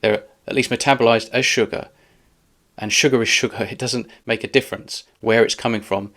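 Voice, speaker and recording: Sarcastic and argumentative, a channel host talks back at a clip in his reaction commentary. His mid-range voice is steady and a bit bright, and he speaks fairly quickly.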